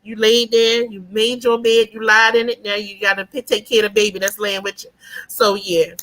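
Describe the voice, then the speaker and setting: A woman's voice: medium pitch, moderate pace. A woman, chatting as a podcast guest and telling stories. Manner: animated storyteller, often asks "you know what I mean". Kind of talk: casual podcast conversation.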